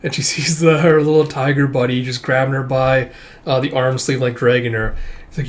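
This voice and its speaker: A man's voice: mid-range voice, flat delivery, normal speed. A man hosting a comic read-through channel, talking casually and rambling, with lots of fillers and some casual swearing. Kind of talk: casual reading commentary.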